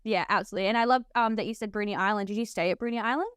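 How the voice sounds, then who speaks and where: A young Australian woman hosting a podcast interview, chatty and enthusiastic, talking fast with lots of laughs in her voice. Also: mid-range voice, a bit bright, clear, resonant tone, no room sound, clean studio sound. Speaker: podcast host, nurse. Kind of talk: casual interview chat.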